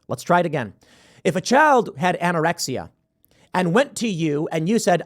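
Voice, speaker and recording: Man, show host, political commentary, emphatic, sarcastic, lively pitch swings. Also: moderate pace. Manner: animated, emphatic, sarcastic asides.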